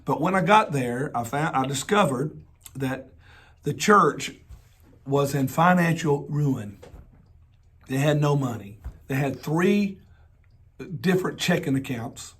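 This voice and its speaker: A man with a Southern accent, hoarse from laryngitis, preaching a personal storytelling sermon in a folksy way, with joking asides and repeated rhetorical questions. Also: fairly high pitch, lively intonation, slow pace, long pauses, fairly bright tone. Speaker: pastor.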